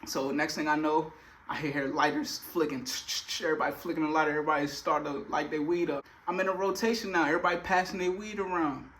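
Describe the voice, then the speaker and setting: A man's voice: on the high side, fairly even intonation, fast talker, a bit bright, slight background noise. A young man telling a personal story in a casual, slangy way, full of filler phrases.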